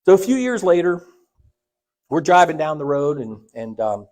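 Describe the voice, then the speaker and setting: A man's voice: sing-song, normal speed, darkish tone. A man, a church elder, preaching a sermon and telling a personal story, acting out the dialogue with sudden rises and drops in his voice. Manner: storytelling, acts out quoted dialogue with big swings in pitch and volume. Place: church sanctuary.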